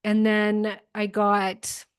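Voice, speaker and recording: Brief: woman podcast host, mid-pitched, casual chatty storyteller, fillers galore. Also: drawn-out words, clean tone. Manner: chatty, lots of "like", animated retelling. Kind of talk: casual interview chat.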